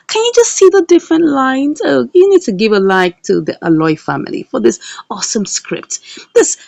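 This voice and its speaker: A woman recaps a comedy series episode in a lively, sing-song voice that swoops up and down. Her tone is husky and gravelly, set fairly high. The recording is dry and close. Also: normal speed, no echo. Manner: animated, acts out characters' lines while retelling. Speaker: series reviewer.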